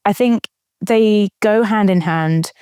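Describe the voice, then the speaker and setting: A woman's voice: mid-range voice, slow pace, mellow, clear, resonant tone, no room sound, clean studio sound. A young adult woman talking casually as an interview guest, thoughtful, with frequent fillers and restarts. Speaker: interview guest, marathon runner.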